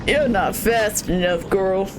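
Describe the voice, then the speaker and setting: A woman voicing an arrogant, cocky ghostly creature in a lowered, smug and mocking tone. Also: takes it slowly, over music, lightly acted. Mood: smug taunting.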